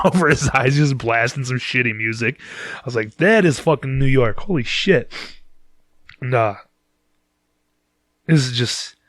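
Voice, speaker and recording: A man's voice: mid-range voice, no echo. A man hosting a podcast, telling a rambling, profane story in casual chat and laughing at himself. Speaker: podcast host.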